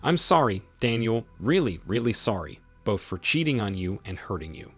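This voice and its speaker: A man's voice: lowish voice, very animated, moderate pace, husky, soft background music. A man reading the lines of a tearful, pleading young woman in an audio story, apologizing to her fiancé.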